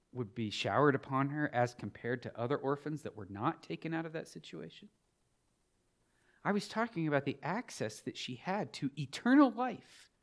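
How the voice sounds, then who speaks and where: A middle-aged man preaching a sermon as a pastor, moving from quiet storytelling to loud, emphatic preaching. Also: mid-range voice.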